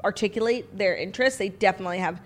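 A woman's voice: medium pitch, fast talker. A woman co-hosting a podcast in easygoing, casual chat, often agreeing and using fillers. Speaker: podcast co-host.

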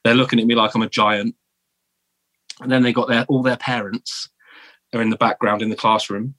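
A man in his thirties from the south of England with a southern English accent, telling stories as a guest in a casual interview, animated and full of restarts. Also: mid-range voice, moderate pace, dry recording. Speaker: guest, former marine.

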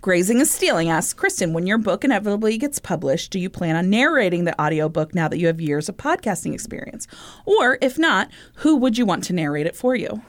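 A woman's voice: medium pitch, lively intonation, fairly quick. A woman co-hosting a podcast, telling stories in casual chat full of fillers. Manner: chatty storytelling with many fillers. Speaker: podcast co-host.

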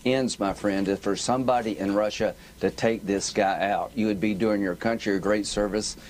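A male politician speaking forcefully in an interview, stacking rhetorical questions. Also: fairly low pitch, steady tone, moderate pace, a little hiss or hum.

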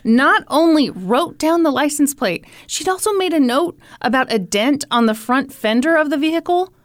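A woman's voice: sits high, moderate pace, no room sound. A woman from Kansas City tells a story as a podcast co-host, her voice rising and falling with a lot of life. She jokes along the way and slips into playful voices for the people in it. The sound is close and dry. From Kansas City, Missouri. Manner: animated, jokey, quotes people in playful voices. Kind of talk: casual storytelling chat.

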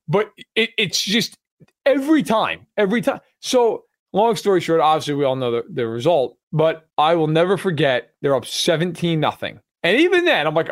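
A man co-hosting a sports podcast, telling stories in a lively, swearing, casual way. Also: high-pitched, brisk, dry recording, studio quality. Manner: animated storyteller, swears freely. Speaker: podcast co-host.

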